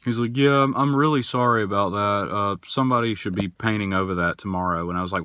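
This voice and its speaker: A young man hosting a podcast, telling a story in a casual, animated and indignant way, acting out the people in it. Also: lowish voice, fast talker, few pauses, smooth, dry recording, clean studio sound. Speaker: podcast host.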